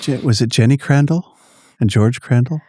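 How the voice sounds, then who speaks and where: A man's voice: medium pitch, moderate pace, mellow, no room sound. Joking, chatty male podcast host. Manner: chatty, jokey, frequent interjections. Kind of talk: casual interview chat.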